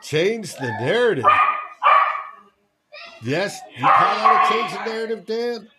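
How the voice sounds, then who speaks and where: A man calling a football game live for his fan stream, unhurried and drawn out. His voice sits a little high for a man, and he breaks off the play calls to chat with viewers by name. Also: big pitch swings, very noisy. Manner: slow, drawn-out calling that bursts into shouting on big plays; chatty, reads out and answers viewers by name.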